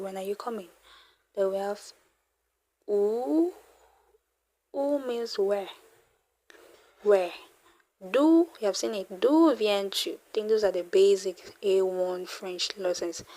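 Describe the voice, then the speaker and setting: A young woman teaching beginner French online, slowly repeating example phrases and explaining with casual fillers. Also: mid-range voice, darkish tone. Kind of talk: casual online language lesson.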